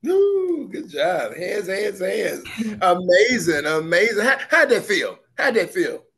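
High-voiced encouraging man. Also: slow pace, a little hiss or hum. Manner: lively, encouraging, repeats phrases. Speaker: workshop presenter. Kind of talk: encouraging workshop facilitation. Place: conference workshop room.

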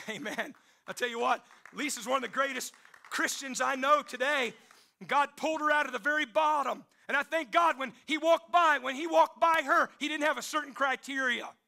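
A man's voice: very high-pitched, gravelly, pushed and bright. A man preaching a sermon to a large church congregation, emphatic and calling on the crowd to respond. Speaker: pastor.

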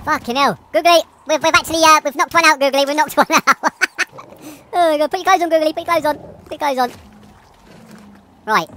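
A woman's voice: high-pitched, fairly quick, pauses often, noisy background. A woman co-hosting a game playthrough, swearing freely and shrieking with laughter. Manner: loud, swears a lot, bursts into shrieks and laughter. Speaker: gaming channel host. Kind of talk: excitable co-op gameplay chat.

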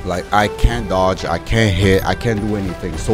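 Low-voiced man ranting over gameplay. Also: fairly quick, few pauses, music in the background. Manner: animated ranting with frequent mild swearing and sudden shouted outbursts. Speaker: gaming YouTuber. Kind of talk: let's play commentary.

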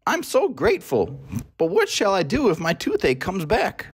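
A man's voice: sits high, wildly swooping pitch, slightly rough, pitched above the performer's own voice, exaggerated voice. A man voicing a big, selfish, grumpy male crocodile in a children's storybook, drawing out his words. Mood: grateful. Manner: loud and bossy, drawn-out words. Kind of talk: storybook character voice.

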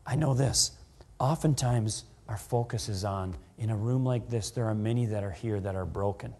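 A man preaching a sermon as pastor, dramatic, swinging from loud to hushed delivery. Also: on the low side, normal speed, breathy edge. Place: church.

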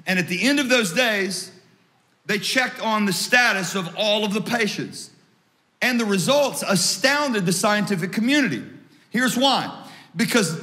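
A man preaching a sermon as pastor, joking with the congregation and rising to shouts at key points. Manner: humorous, animated preaching; rises to shouts at high points. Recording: long hall reverb.

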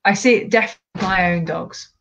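A woman's voice: mid-range voice, fast talker, gravelly, dull audio, a little hiss or hum. A woman mantrailing instructor from the UK, chatting enthusiastically as a guest and acting out owners and dogs. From United Kingdom. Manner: enthusiastic, animated storytelling, acts out dogs and owners. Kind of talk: casual video call chat.

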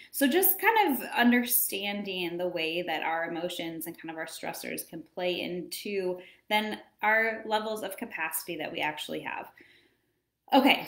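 A woman in her thirties talks through parenting advice in a relaxed, chatty way. Her pitch is mid-range, and she acts out little moments as she goes. The room around her gives the voice a clear echo. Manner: chatty, animated, acts out scenes. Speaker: wellness coach. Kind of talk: casual advice talk.

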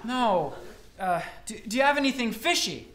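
A man's voice: very high voice, very animated, normal speed, fairly bright tone, full character voice. A man playing a naive, hungry traveler who stammers and fumbles his words, told live on a college stage in a roomy hall. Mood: fumbling. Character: naive hungry male traveler, clumsy and literal. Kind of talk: live comic storytelling.

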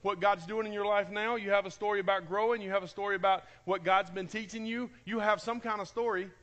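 A high-voiced man preaches to his church congregation. He talks with excitement and emotion, saying key phrases twice over for emphasis. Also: fast talker. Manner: enthusiastic, emotional, repeats phrases. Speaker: pastor. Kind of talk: sermon. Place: church sanctuary.

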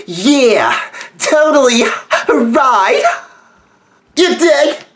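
A man's voice: very high voice, animated, very slow, noisy background, full character voice. A man doing a drawling, slangy flirt. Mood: flirty. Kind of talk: comedy skit.

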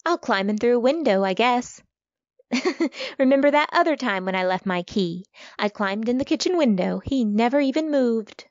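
A woman's voice: on the high side, animated, moderate pace, no room sound, lightly acted. A woman playing a flippant careless wife. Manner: breezy, flippant. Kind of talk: radio drama re-creation. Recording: dry dull lo-fi radio-style recording.

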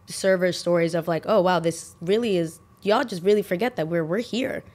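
Young woman, casual storyteller host, lively delivery that jumps up high when quoting people. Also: normal speed. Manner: animated, acts out quotes with big pitch jumps. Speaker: podcast host.

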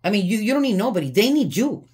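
A woman's voice: mid-range voice, very animated, fast, a little mellow. A woman giving a casual tarot reading, blunt and profane, often breaking into laughter. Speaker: tarot reader. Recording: faint background noise.

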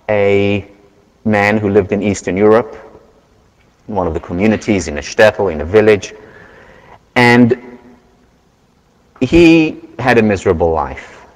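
A man giving a university lecture, earnest and measured, telling stories to make his point. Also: fairly low pitch. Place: large lecture hall. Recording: lecture hall with long reverb.

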